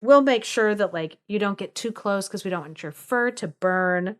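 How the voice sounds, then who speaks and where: A woman's voice: medium pitch, moderate pace, natural voice. A woman voicing a kind, welcoming mother in a retold fairy tale, read out plainly. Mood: kindly.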